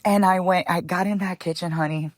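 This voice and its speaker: Lower-voiced woman telling emotional stories. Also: brisk, no room sound. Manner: lively, tells stories, calls the listener "honey", slips into Spanish phrases. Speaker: guest, chef and cookbook founder. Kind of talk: emotional personal storytelling.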